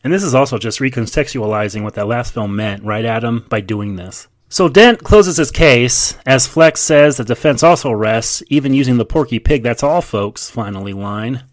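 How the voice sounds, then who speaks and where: Man, mid-pitched voice, recaps scenes, states dislike plainly, casual film chat, dry close sound. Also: lively intonation, normal speed, hardly any pauses, no echo. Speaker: podcast co-host recapping the plot.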